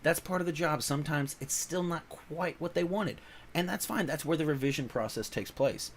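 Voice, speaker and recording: A man's voice: a little high, moderate pace, slight background noise. A man hosting a casual comics channel, chatting loosely about voice-over work with many fillers, restarts and laughs. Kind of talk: casual rambling chat.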